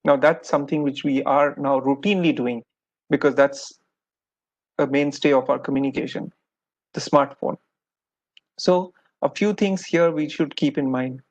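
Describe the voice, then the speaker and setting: A man's voice: medium pitch, moderate pace, pauses often. A man with an Indian English accent, lecturing postgraduate doctors in a patient, explanatory way. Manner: patient, explanatory, repeats "many a times". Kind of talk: recorded lecture. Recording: dull lo-fi audio.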